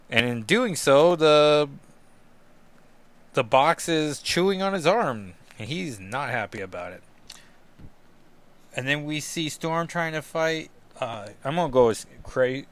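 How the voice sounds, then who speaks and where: A man's voice: mid-range voice, fairly bright tone, smooth. Man rambling through comic commentary. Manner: rambling, jokey asides. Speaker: comic book podcast host. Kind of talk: casual commentary.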